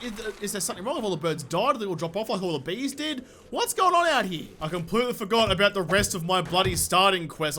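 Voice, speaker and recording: A man doing let's play commentary, excitable and sweary, talking to the enemies he fights, his voice a little off from being sick. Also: sits high, slight background noise. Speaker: gaming YouTuber.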